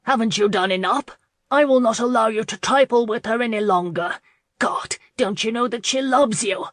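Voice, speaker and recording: A woman narrator voicing a stern, protective young gentleman who speaks firmly and with emphasis. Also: mid-range voice, moderate pace, no room sound, clean studio sound, close to an everyday voice. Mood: angry. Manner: firm, emphatic.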